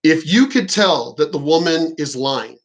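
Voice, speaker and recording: Man, higher voice, profane, blunt, casual reaction talk, storytelling. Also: expressive, a little slow, low-quality recording. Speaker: commentator reacting to clips.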